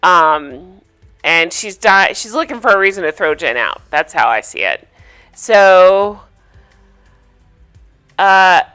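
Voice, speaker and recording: A woman's voice: mid-range voice, fairly bright tone. A woman hosting a casual recap vlog, chatty and opinionated, sharing gossipy takes. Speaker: reality TV recap host.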